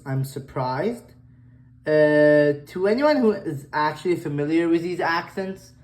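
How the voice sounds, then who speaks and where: Slow, low-voiced woman YouTuber. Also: darkish tone. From Egypt. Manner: hesitant, many fillers and restarts. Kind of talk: casual tech reaction commentary.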